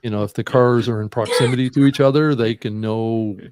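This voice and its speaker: A man's voice: mid-range voice, steady tone, brisk, a little mellow. A man on a panel speaking thoughtfully, with hesitations. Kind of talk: casual panel chat.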